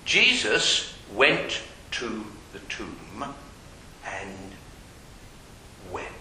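A man preaching a sermon, asking his listeners pointed questions and dropping from loud to hushed. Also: on the low side, sing-song, very slow. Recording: very echoey hall with faint hiss.

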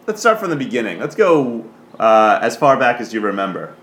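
A man's voice: mid-range voice, very animated, a little fast, a bit bright. Host: man, mid-range voice, playful interviewer. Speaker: podcast host. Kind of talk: casual interview. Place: screened-in porch.

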